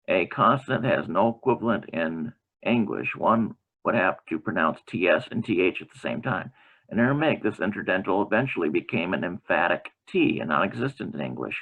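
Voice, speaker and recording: Gravelly man teaching over tinny audio. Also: deep voice. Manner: reads aloud and adds halting comments with many fillers and self-corrections. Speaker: Bible language teacher. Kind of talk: informal lecture reading from a textbook.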